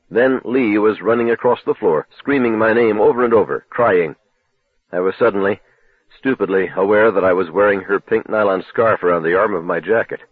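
Husky male audiobook narrator on a tinny line. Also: no room sound. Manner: measured, low, dramatic storytelling. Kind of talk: first-person novel narration. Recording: tinny phone-like dry recording.

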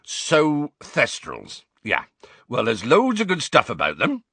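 Hagrid, a man doing a gruff kindly giant teacher. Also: medium pitch, wildly swooping pitch, slow pace, sharp tone, no room sound, pitched above the performer's own voice, exaggerated voice. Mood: flustered.

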